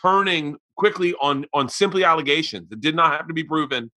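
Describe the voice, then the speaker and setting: Loud, bright-voiced male podcast host. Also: on the high side, fairly quick. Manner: loud, profane storyteller acting out voices. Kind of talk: casual chat.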